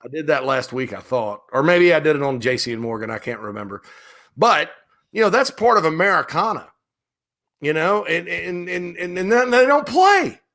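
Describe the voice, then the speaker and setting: Middle-aged guy on a sports talk show, kinda high and super bright, rambles and restarts a lot. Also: normal speed. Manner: animated, rambling storyteller with frequent restarts. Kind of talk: casual sports chat.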